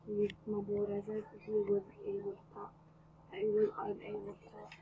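A woman reading her own fan fiction aloud as a video host, excitable and dramatic, jumping between loud outbursts and hushed mumbling. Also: medium pitch, moderate pace. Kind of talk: read-aloud story narration. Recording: dull lo-fi recording, faint hiss.

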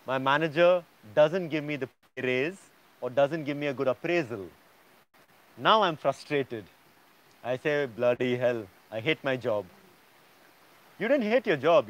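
A man's voice: a little high, low-quality recording. A man teaching a yoga class, lecturing students emphatically and often checking in with "yeah?".

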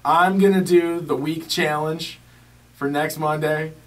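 Relaxed male co-host chiming in. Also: fairly high pitch, measured pace. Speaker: podcast co-host. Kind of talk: casual radio-style chat. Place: small studio. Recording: distant mic, roomy sound.

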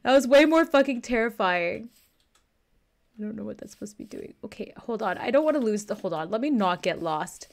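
A woman's voice: on the high side, animated, a little fast. A young woman streaming a game, talking in a rambling, flustered way and swearing freely as she plays. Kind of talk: live-streamed game commentary.

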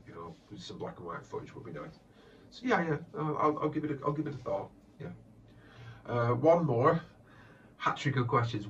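A man's voice: mid-range voice, a bit bright, slight background noise. A man who makes comedy voiceover parodies, answering fan questions in a hesitant, chatty way. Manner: hesitant, many fillers and restarts, chatty. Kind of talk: casual Q&A chat. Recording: distant muffled lo-fi mic.

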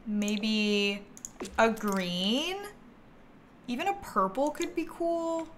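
Woman, livestreamer, casual gameplay chatter, fairly high voice, very animated. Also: takes it slowly, a little hiss or hum. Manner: chatty, thinks aloud, bursts into giggly excitement.

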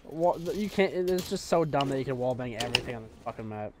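Seorang pria muda beraksen Selatan Amerika yang mengobrol santai sambil bermain game, keras, sering tertawa dan memaki. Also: male voice, medium pitch, animated, fast, crowd noise. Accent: Southern US. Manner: loud, laughing, swearing banter. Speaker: gamer host. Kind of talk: casual gaming chat.

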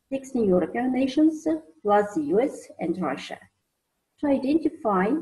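Slow-talking woman teacher. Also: a little high, dark tone, poor audio. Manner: hesitant, many fillers and restarts. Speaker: university English teacher. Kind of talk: recorded online lesson.

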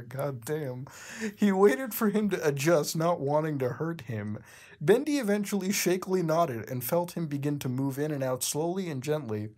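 A man's voice: a little high, darkish tone, breathy edge. A man, a channel host, reading fan fiction aloud with incredulous, swearing asides. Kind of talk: comedic dramatic reading.

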